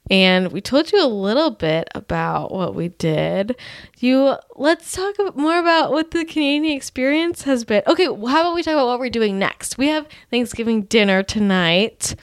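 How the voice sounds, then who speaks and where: A woman's voice: a little high, animated, normal speed, smooth, no echo, studio quality. A young American woman from California, a podcast host, chatting in a bubbly, casual way with plenty of fillers. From California, USA. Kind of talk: casual chat.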